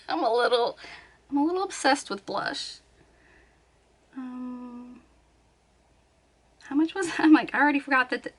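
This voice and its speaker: A woman's voice: high-pitched, a little slow, pauses often, a bit bright, husky. A woman vlogging from her bed at home, chatting casually, thinking aloud and laughing often. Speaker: beauty vlogger. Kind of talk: casual chat.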